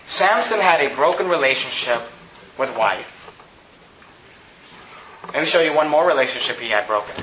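A man's voice: high-pitched, bright, forceful tone, echoey room, highs cut off, slight background noise. A man preaching a sermon as pastor, with emphatic, rising bursts of speech.

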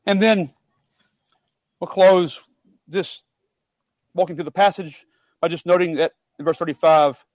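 A man preaching a sermon, earnest and emphatic, building up then dropping to quiet asides. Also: on the high side, fairly even intonation, unhurried, pauses often, no room sound.

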